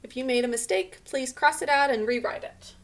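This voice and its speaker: A woman's voice: high-pitched, fairly even intonation, brisk. A woman teaching a remote spelling lesson to children, patiently sounding out words letter by letter.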